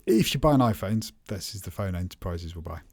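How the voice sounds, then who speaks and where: A man's voice: low voice, expressive, a little fast, a little mellow, dry recording, studio quality. A man co-hosting a casual tech podcast, chatty and prone to restarting his sentences. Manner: chatty, repeats and restarts words. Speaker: podcast co-host.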